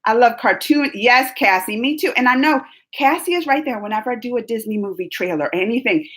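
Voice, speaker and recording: A high-voiced woman hosting a relaxed live chat, reading out viewer comments. She talks in an animated, playful way and breaks into laughter often. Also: brisk. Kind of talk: casual live-chat vlog.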